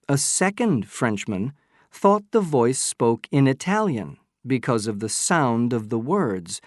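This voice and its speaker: Picture a sharp-minded detective, read by a man in an audiobook, laying out his reasoning in a slow, patient way. He leans hard on key words, and his pitch rises and falls in a lively way. The sound is close and dry. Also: dry recording. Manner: patient, emphatic, probing questions. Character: sharp-minded male detective explaining deductions. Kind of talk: scripted audiobook reading.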